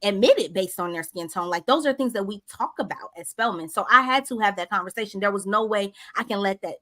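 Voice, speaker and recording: Bright, candid woman telling a story. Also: medium pitch, animated, a little fast, dry recording. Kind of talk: casual podcast discussion.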